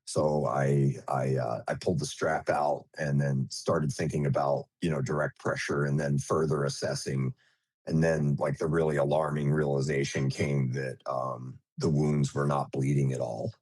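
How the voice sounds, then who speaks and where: A man who is a nurse, recounting an emergency as an interview guest in a halting way, with many fillers and restarts. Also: very deep voice, flat delivery, a little mellow, no room sound.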